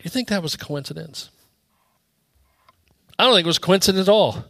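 Bright-voiced male pastor preaching dynamically. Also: animated, brisk, creaky, long pauses. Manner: dynamic preaching, swinging from loud high peaks to soft low drops. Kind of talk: sermon. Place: church.

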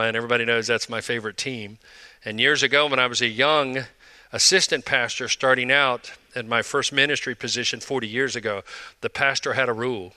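A man's voice: mid-range voice, sharp tone, dry recording. A man in his sixties, a pastor preaching a sermon in an emphatic, conversational way.

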